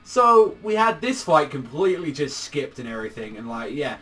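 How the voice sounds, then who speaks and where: A man's voice: a little high, wildly swooping pitch, a little fast, hardly any pauses, a bit bright, faint music behind. Young male manga reviewer, casual and profane, lots of "like", mic a bit far off. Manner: loose and profane, heavy on filler "like".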